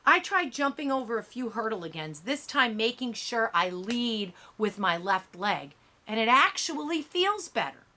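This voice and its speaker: Bright, expressive woman narrator. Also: a little high, moderate pace, few pauses. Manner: expressive, youthful storytelling. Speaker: audiobook narrator. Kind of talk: scripted first-person narration.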